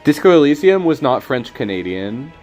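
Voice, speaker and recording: A male streamer chats loosely over his card game, wandering between thoughts and poking fun at himself. His voice sits at a middling pitch, with soft music playing faintly underneath. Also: sing-song, normal speed. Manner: rambling, jokey, self-deprecating. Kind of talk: casual gameplay commentary.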